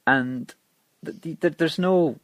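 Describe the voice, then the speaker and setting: A man's voice: on the high side, slow, a bit bright, no echo. A man co-hosting a podcast, chatting casually with lots of restarts and stammers, sounding exasperated. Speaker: podcast co-host. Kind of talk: casual chat.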